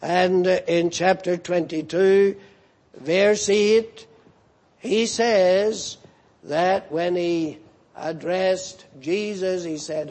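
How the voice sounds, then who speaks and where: A man's voice: high-pitched, slow pace, a little mellow. A man preaching a sermon, emphatic and repeating key phrases for weight.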